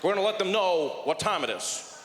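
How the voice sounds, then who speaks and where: A man doing an impression of a male president who speaks haltingly with many pauses, on a live stage. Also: sits high, lively intonation, fairly bright tone, a little hiss or hum. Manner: halting, full of uh pauses, measured. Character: hesitant male president, grave then backpedaling. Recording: stage hall reverb, faint ambience.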